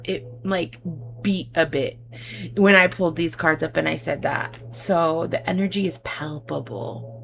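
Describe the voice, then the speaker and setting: Emotional woman reading tarot, gravelly fry. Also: deep voice, fairly even intonation, a little slow. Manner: effusive, emotional, addresses listener as babe and my love. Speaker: tarot reader. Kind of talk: tarot reading addressed to viewers.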